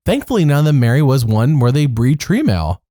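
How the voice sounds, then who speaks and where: A man's voice: medium pitch, big pitch swings, brisk, warm tone, no room sound. A man co-hosting a podcast in casual chat, with wry, dry jokes. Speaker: podcast co-host.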